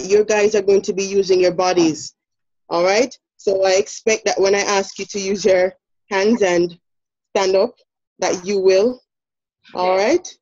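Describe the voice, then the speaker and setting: A woman's voice: medium pitch, darkish tone. A woman with a Jamaican accent presenting a poetry lesson, explaining step by step with many fillers. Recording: dull lo-fi sound.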